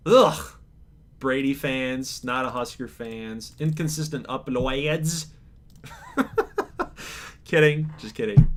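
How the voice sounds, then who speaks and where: Talking to camera in a relaxed, casual way, a man reads answers from his viewers' survey. Now and then he chuckles, describing his own medium-pitched voice as monotone.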